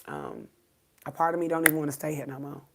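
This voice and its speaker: A woman in her thirties hosting a livestream while grieving, halting with many pauses as she reads viewer comments, near tears. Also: low-pitched, huge pitch swings, creaky, heavy background noise. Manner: halting, many ums, swears, faith talk. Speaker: livestream host.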